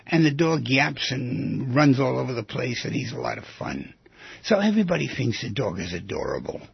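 A man hosting a radio call-in show, musing aloud and asking rhetorical questions in a raspy, gravelly voice. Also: medium pitch, big pitch swings, normal speed, no room sound, dull audio. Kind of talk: reflective radio monologue.

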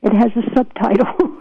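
Gravelly older woman on a phone line. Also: fairly high pitch, no echo. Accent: New York. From New York. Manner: earnest storyteller, often laughs. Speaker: physician guest. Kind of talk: reflective interview talk. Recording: dry tinny phone line.

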